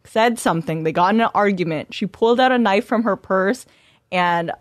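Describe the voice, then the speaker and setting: A woman's voice: medium pitch, moderate pace, no room sound, clean studio sound. A woman reading a news story aloud on a podcast, plain and matter-of-fact.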